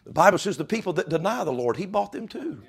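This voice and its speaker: A man's voice: sits high, big pitch swings, quick pace, vocal fry, breathy edge. A man preaching a fervent sermon. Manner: fervent, builds to loud climaxes.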